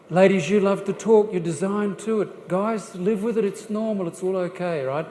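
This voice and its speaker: A man gives a church seminar on family life, joking and lively, with a slightly high voice. He puts questions straight to the congregation. His voice echoes through a large church hall with long reverb and a faint hum of ambience. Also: moderate pace, hardly any pauses. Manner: jokey, lively, addresses the audience directly with questions. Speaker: guest speaker on family life.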